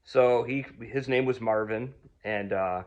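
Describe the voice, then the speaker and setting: A man's voice: mid-range voice, measured pace, darkish tone, muffled recording. A man from telling a personal story in a casual, rambling way, full of ums and restarts. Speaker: vlogger.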